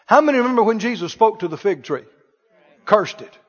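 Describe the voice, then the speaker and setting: A man's voice: high-pitched, sing-song, a little fast, husky. A man preaching a sermon, asking playful rhetorical questions with emphatic delivery. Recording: echoey hall, dull sound.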